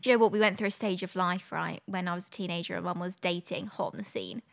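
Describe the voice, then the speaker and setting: A woman's voice: fairly low pitch, steady tone, quick pace, gravelly. A young woman co-hosting a podcast, telling holiday stories in a chatty, giggly way full of "like". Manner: chatty, giggly storytelling with lots of "like". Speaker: podcast co-host. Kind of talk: casual chat.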